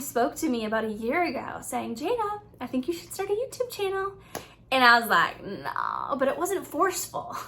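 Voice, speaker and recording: A young woman speaks to her viewers as a Christian YouTuber, earnest and expressive. Her voice is bright and sharp-edged and sits a little high. She lays out her teaching with warmth of conviction and lively turns of phrase. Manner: earnest, expressive, playfully acts out quoted thoughts. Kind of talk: faith-based teaching vlog.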